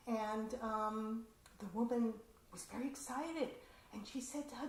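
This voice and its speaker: A woman storyteller telling a personal family story in a conversational, animated way. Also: on the high side, measured pace, slight background noise. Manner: conversational, animated, laughs often. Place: community center hall. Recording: roomy hall echo, faint ambience.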